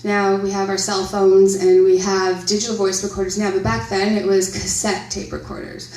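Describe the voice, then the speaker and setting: A woman's voice: medium pitch, little pitch movement, normal speed, darkish tone. A woman in her thirties, telling a story live to a convention audience, chatty, laughing often and asking the crowd questions. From Canada. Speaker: panel speaker at a horror convention. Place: convention centre hall. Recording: roomy, distant live hall audio.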